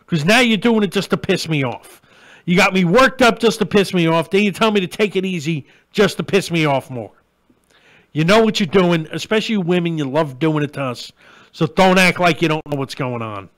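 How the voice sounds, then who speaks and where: A man's voice: on the high side, animated, moderate pace, fairly bright tone. A middle-aged man hosting a live-stream show, ranting bluntly and crudely and greeting viewers as they join. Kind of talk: live-stream rant and chat.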